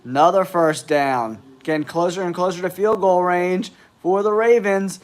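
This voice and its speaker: A man's voice: high-pitched, normal speed. A man with a nasal voice from a cold, hosting a live football stream with blunt, exasperated commentary. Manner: blunt, exasperated trash talk. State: has a cold.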